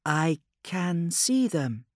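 A man voicing an eerie childlike warp entity that speaks through a boy, in a faint, slow, innocent whisper. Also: fairly high pitch, big pitch swings, no echo, clean studio sound, pitched above the performer's own voice, heavily acted. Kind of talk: audiobook character voice.

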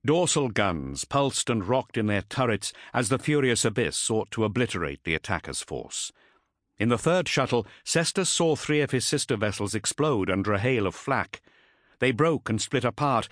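A man narrating an audiobook in an expressive, dramatic storytelling manner. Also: lowish voice, dry recording, clean studio sound.

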